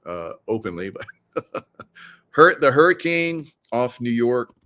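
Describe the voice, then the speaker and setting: A middle-aged man talks loosely to his livestream viewers in a mid-pitched voice. He rambles between points, takes a conspiratorial tone, and breaks into chuckles often. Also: very animated, takes it slowly, pushed and bright. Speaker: livestream host. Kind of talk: casual live chat to viewers. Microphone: computer mic, screen sharing.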